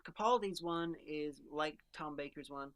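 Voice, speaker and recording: A woman's voice: sits low, a little slow, fairly bright tone. Woman rambling through fan analysis. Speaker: podcast co-host. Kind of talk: casual chat.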